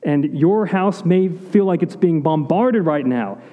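A man preaching a sermon, earnest, asking rhetorical questions and dropping to quiet intensity at key points. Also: on the high side, animated, measured pace, phone-quality sound. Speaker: pastor. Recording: long hall reverb.

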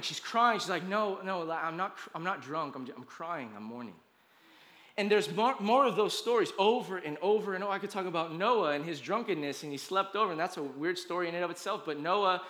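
A male pastor with a slightly high, bright, forceful voice preaches conversationally, checking in with his listeners often and driving points home emphatically through repeated lists.

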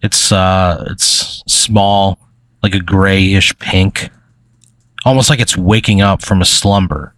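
Male game master, low voice, loose rambling narration, dry close sound. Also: fairly even intonation, slow, a bit bright, dry recording. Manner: rambling, filler-heavy storytelling.

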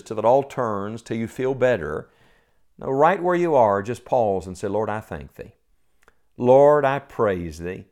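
A middle-aged man preaching a sermon, earnest and pleading, full of rhetorical questions. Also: medium pitch.

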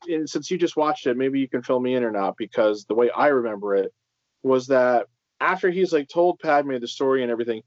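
A man's voice: mid-range voice, dry recording. A man co-hosting a casual podcast about films, rambling with many fillers and restarts. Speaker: podcast co-host. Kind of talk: casual film discussion. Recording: slightly dull lo-fi audio.

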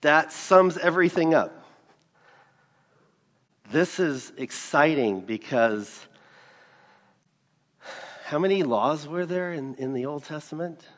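A man preaching a sermon, mixing scripture with a personal story. He speaks earnestly and gets emphatic, with sudden loud bursts on key lines. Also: a little high, animated, slow pace, long pauses. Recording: long reverb of a large hall.

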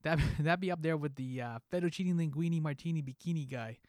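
A man's voice: a little high, brisk, darkish tone, dry recording, studio quality. A man hosting a podcast, reading a scripted monologue in a playful, jokey way with pop-culture asides. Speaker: podcast host.

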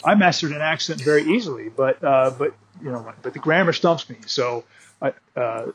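A man's voice: fairly high pitch, normal speed, a little hiss or hum, low-quality recording. A man who teaches martial arts, a guest on an interview podcast, speaking in a friendly, hesitant way with frequent restarts. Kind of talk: conversational interview.

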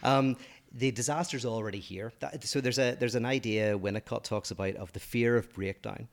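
A man's voice: medium pitch, steady tone, moderate pace, creaky. A man co-hosting a podcast, eagerly explaining ideas in casual talk, speeding up in bursts and stumbling over restarts. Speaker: podcast co-host.

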